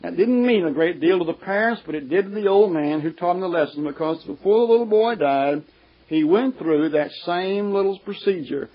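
A man preaches a sermon in a slightly high voice. He drives his points home slowly and firmly and keeps putting questions to the congregation. The recording is muffled and lo-fi. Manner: slow, emphatic preaching with rhetorical questions. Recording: dull, lo-fi recording.

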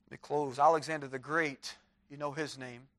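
A man's voice: medium pitch, fairly even intonation, normal speed, a bit bright. A man preaching a sermon in a chapel, reading scripture aloud with fervor.

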